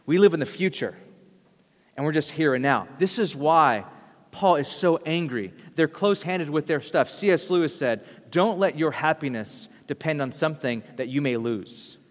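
Conversational pastor in a reverberant hall. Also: male voice, on the high side, expressive, normal speed. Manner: conversational, storytelling, acts out quotes. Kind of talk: sermon.

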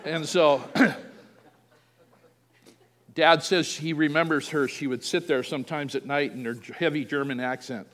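A man's voice: on the high side, unhurried, long pauses, fairly bright tone, big-room sound. A man preaching a sermon, telling a family story and acting out the quoted voices. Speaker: pastor.

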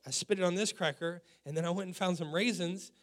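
A man voicing an eager five-year-old girl who rushes through her words. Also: high-pitched, fairly bright tone.

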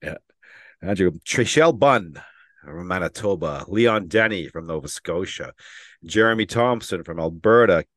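Lower-voiced laughing podcast co-host man. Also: fairly bright tone, dry recording, studio quality. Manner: laughs often, reads names off a phone. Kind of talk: casual podcast chat.

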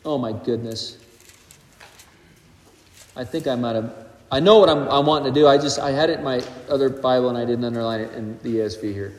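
A man preaching a sermon as pastor, animated, swinging between loud passages and quiet asides. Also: medium pitch, brisk, pauses often. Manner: animated preaching, rising and dropping in loudness. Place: church hall. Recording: echoey hall recording.

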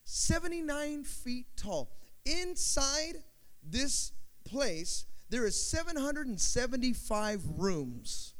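High, lively-voiced male preacher. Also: slow pace. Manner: animated storytelling, repeats phrases for emphasis. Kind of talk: sermon.

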